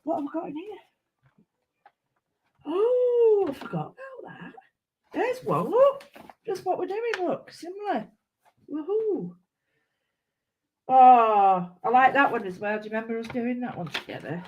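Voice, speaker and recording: A woman's voice: on the high side, expressive, normal speed, darkish tone, a little hiss or hum, poor audio. Giddy, rambling woman. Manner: giddy, rambling, talks to viewers, exclaims. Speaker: craft tutor. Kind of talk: chatty live craft demo.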